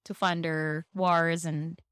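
A woman's voice: low-pitched, flat delivery, takes it slowly, fairly bright tone, clear, resonant tone, dry recording. Dry-sounding woman podcast co-host. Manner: explanatory, laughs often. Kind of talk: casual chat.

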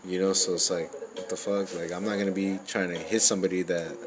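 Deep, flat-voiced man rambling casually. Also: fast, background noise. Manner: rambling, filler-heavy, profane street slang. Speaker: parent sharing life stories. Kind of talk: casual personal storytelling.

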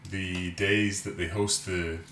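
A Scottish man co-hosting a podcast, cutting in with quick, teasing remarks. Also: sits low, little pitch movement, a bit bright, roomy sound, slight background noise. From Scotland. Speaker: podcast co-host. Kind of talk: casual chat.

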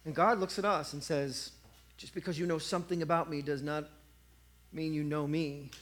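A man's voice: fairly high pitch, steady tone, moderate pace, fairly bright tone. A man preaching a sermon, telling a story and acting out the voices of a cheering crowd.

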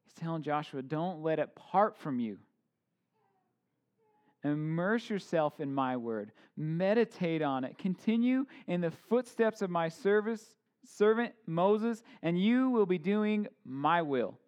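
A man in his thirties gives a relaxed, conversational sermon in a slightly high voice. He talks informally, slipping in jokes and asides, and restarts his sentences often. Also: slow pace. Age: 30s. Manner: informal, joking asides, many fillers and restarts. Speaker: pastor.

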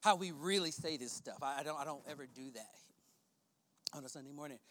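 A man preaching a sermon as pastor, repeating phrases for emphasis and swinging from shouts to hushed near-whispers. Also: on the high side, a little fast, slight background noise. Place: church sanctuary.

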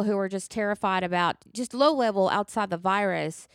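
A woman's voice: medium pitch, normal speed, no room sound, studio quality. A middle-aged woman ranting in casual chat, profane and emphatic.

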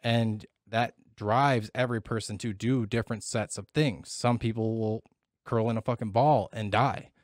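A man's voice: fairly low pitch, fairly even intonation, normal speed, no echo, clean studio sound. Profane, reflective middle-aged man. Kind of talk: casual chat.

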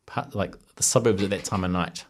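A woman, a guest comedian rambling through an anecdote in casual chat. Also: brisk. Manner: very low voice, lively pitch, rambling anecdotes.

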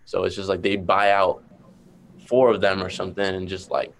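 A young man with a Boston accent, a musician talking casually in an interview, relaxed, with lots of "like" fillers. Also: low-pitched, moderate pace, slight background noise. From Massachusetts. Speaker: musician guest.

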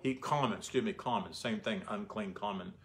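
A man with a fairly low voice teaches scripture in a relaxed, conversational way. He keeps checking in with his listeners through rhetorical questions as he explains his readings. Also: brisk. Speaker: Bible teacher. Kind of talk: informal Bible teaching.

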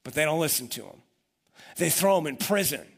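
A man's voice: on the high side, animated, brisk, vocal fry, slightly rough. A man preaching a sermon, telling the story with energy and acting out the voices of the people in it. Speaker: pastor.

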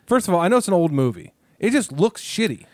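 A man's voice: high voice, big pitch swings, fast, no echo, clean studio sound. A man co-hosting a podcast in casual banter, rambling and joking as he trails off and restarts. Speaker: podcast co-host.

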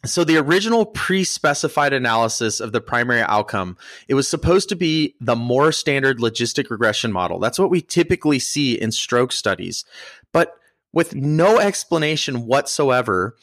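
A man's voice: medium pitch, sing-song, normal speed, fairly bright tone, no room sound. A man from the United States co-hosting a podcast, explaining things in a laid-back, jokey, plain-spoken way on a close mic. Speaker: podcast co-host. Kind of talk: casual explanatory discussion.

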